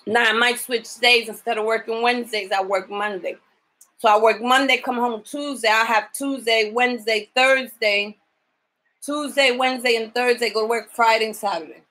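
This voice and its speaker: A woman's voice: on the high side, steady tone, moderate pace, pushed and bright, poor audio. Blunt, tired woman venting on camera. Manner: blunt, swears freely while venting. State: tired from lack of sleep. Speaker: home caregiver. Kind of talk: casual video diary.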